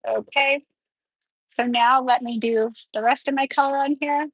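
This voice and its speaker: A woman's voice: high-pitched, steady tone, measured pace, no room sound, poor audio. A woman nail tech running a live tutorial, chatting and explaining each step while she works.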